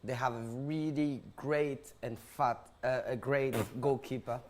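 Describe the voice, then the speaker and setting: A man's voice: medium pitch, fairly even intonation, a little slow. A man chatting as a guest on a live stream, hesitant and giggly. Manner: hesitant, giggly, non-native phrasing. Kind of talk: casual chat.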